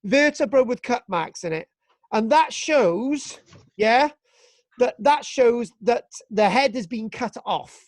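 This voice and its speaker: This British teacher leads young students through archaeology in a live video-call class, lively and playful with mock exasperation and a habit of ending sentences with "right?". He has a very high-pitched voice, speaks slowly, and there's no echo.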